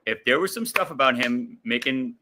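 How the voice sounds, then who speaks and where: A man's voice: mid-range voice, expressive, normal speed, background noise. A man co-hosting a casual wrestling news chat, agreeing loosely and laughing along. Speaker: podcast co-host.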